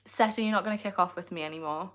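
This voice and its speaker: A woman's voice: lowish voice, fast talker, fairly bright tone. A woman, chatting casually on a livestream, answering comments in a playful, teasing way and laughing often.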